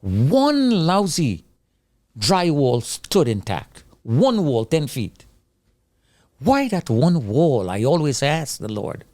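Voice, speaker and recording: A middle-aged man giving an intense personal testimony of surviving a disaster, acting out his own pleas and the shouts he heard. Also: a little high, very animated, slow pace, no echo. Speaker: survivor telling his story.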